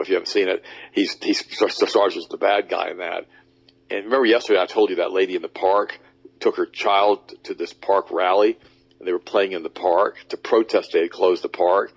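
A man hosting a talk radio show, speaking emphatically and mocking others in high put-on voices. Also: slightly rough. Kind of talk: animated talk radio monologue. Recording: dull lo-fi audio.

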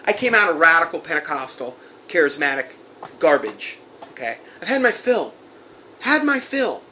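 A man with a somewhat high voice delivers fiery sermon-style commentary. He reads passages aloud and then answers them with heated indignation. Faint background noise sits under the recording. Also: very animated, moderate pace, sharp tone. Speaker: preacher.

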